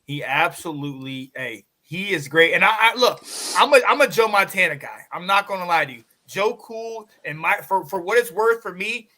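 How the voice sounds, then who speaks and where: A man's voice: high-pitched, lively intonation, moderate pace, few pauses, bright, forceful tone. A man hosting a casual sports podcast, playful and encouraging, throwing questions to his guest. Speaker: podcast host.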